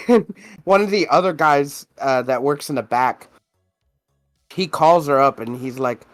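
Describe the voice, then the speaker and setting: A man's voice: fairly high pitch, a little slow, soft background music. A man co-hosting a podcast in casual chat, telling long rambling stories with lots of swearing and fillers. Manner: rambling, profane storytelling full of fillers. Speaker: podcast co-host.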